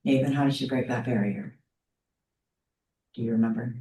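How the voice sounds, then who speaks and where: Her pitch is extremely low and mellow, her intonation fairly even, her pace moderate. The middle-aged woman runs a psychology class like a friendly storytelling session, regularly checking in with students. The audio sounds distant and echoey, as if recorded across a classroom.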